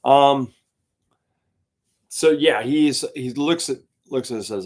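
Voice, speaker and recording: A gigging guitarist hosts his own channel, chatting casually with a live stream audience. He rambles through stories packed with fillers and laughter. His mid-range voice is a little mellow and slow.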